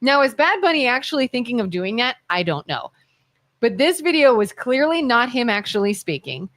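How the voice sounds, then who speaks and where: Woman co-host, fairly high voice, lively storytelling, casual radio chat. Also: moderate pace. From Ohio. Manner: animated storytelling, quotes others in voices.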